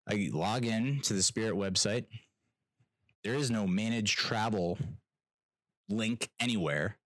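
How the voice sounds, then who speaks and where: A man's voice: on the low side, unhurried, fairly bright tone, no room sound, clean studio sound. A young man telling a travel story as a casual rant, exasperated and sarcastic, laughing often and swearing.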